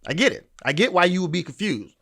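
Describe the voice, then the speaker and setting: A man's voice: high voice, sing-song, fast talker, creaky, bright, forceful tone. A male podcast host giving opinionated dating commentary in a blunt, profane, emphatic way, often restarting his sentences.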